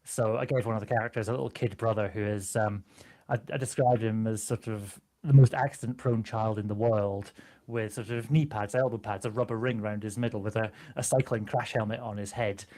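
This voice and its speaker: A man chatting casually about voicing characters, animated and quick to laugh. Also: fairly low pitch. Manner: animated, laughs often, slips into character voices. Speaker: guest game master. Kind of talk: casual chat about voice acting.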